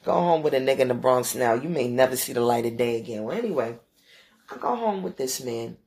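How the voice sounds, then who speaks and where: A middle-aged woman hosting a podcast, telling a story in a casual, animated, profane way and acting out quotes. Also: fairly quick. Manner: animated, profane, acts out quotes with big pitch jumps. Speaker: podcast host.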